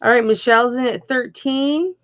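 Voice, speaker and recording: A chatty woman with a fairly high voice runs a live online jewelry auction, greeting bidders by name and counting down offers. The stream audio sounds muffled and lo-fi, with a faint hiss underneath. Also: normal speed. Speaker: auction host.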